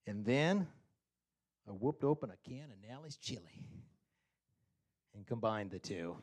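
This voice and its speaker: Guy doing a jokey laid-back sermon, keeps chuckling and jumping way up in pitch for quotes. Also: measured pace. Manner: jokey, animated storytelling, acts out quotes with sudden pitch jumps; chuckles often.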